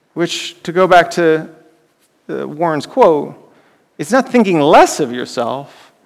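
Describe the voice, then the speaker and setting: A man preaching a sermon in a conversational way, often asking his listeners rhetorical questions. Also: sits high. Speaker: pastor. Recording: long hall reverb.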